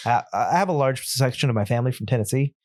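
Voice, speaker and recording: A man co-hosting a film podcast, talking in a loose, rambling, easygoing way and sliding into little jokes at his own expense. His pitch sits in an ordinary middle range. The studio sound is dry and close, with no room echo. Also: fast talker. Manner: rambling, easygoing, self-deprecating humor. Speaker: podcast co-host. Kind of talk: casual film discussion. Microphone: studio mic.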